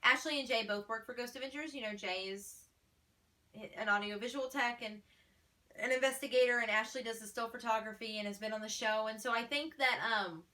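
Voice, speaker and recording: A woman's voice: on the high side, steady tone, brisk, sharp tone, distant mic. A woman fan page admin answering fan questions in a casual vlog, blunt, feisty and exasperated.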